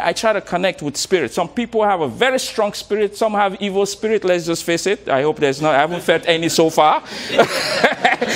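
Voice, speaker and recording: A male motivational coach speaking to a live audience, his voice pitched high and swinging widely up and down. He is animated, laughs often and repeats words as he coaxes the crowd to answer back.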